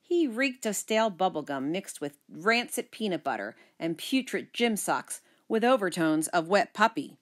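A woman reading a children's book aloud, narrating in the first person with lively expression. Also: medium pitch, moderate pace, hardly any pauses. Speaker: storyteller.

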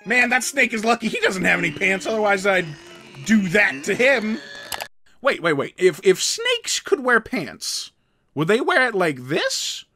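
A woman voicing an excitable, dramatic male cartoon pencil character, rambling and bursting into shouts over background music. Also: mid-range voice, unhurried, dry recording, heavily acted. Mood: frantic. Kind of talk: animated cartoon reaction commentary.

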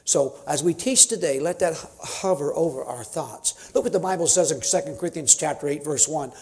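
A man's voice: on the high side, a little fast, a little mellow. A man in his fifties, a missionary preaching a sermon in church, folksy and conversational, building to emphatic preaching. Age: 50s. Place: church sanctuary.

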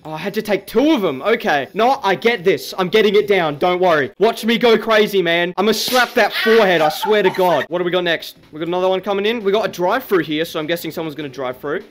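A young Australian man giving excitable, joking let's-play commentary. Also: high voice, fast, few pauses, over music. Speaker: gaming YouTuber.

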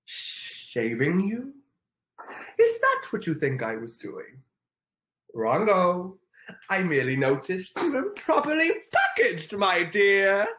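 A smug, grumpy Grinch drawls in a high, nasal sneer, as a young man puts him on, each word stretched with theatrical disdain. The voice swoops up and down over his mock-posh lines. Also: huge pitch swings, takes it slowly, bright, forceful tone, reverberant, exaggerated voice. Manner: exaggerated mock-posh delivery.

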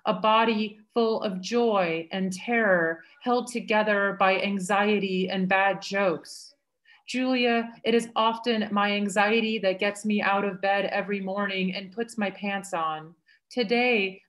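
A woman reading her own poetry aloud over a video call, slow and measured. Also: mid-range voice. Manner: slow, measured reading with lively acted quotes.

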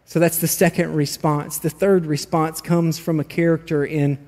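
A man's voice: a little high, level tone, moderate pace, a little mellow, big-room sound. A man preaching a sermon, telling a story with animation and reading scripture aloud. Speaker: pastor. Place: large church hall.

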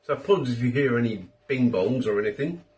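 A man's voice: medium pitch, animated, fast talker, a little mellow, far from the mic. A middle-aged British man hosting a casual food review, chatty and self-deprecating with rambling asides. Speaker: food reviewer, channel host.

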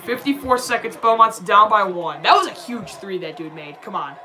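A young man streaming a live reaction to a basketball game, excitable and prone to yelling at the plays, then apologizing. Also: high-pitched, normal speed. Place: home room, dog nearby.

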